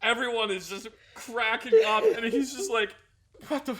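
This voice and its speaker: A young man telling casual stories, laughing often and mimicking shouted orders. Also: very high voice, steady tone, moderate pace. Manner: laughs often, mimics drill sergeants in bursts. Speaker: podcast co-host. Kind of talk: casual storytelling chat.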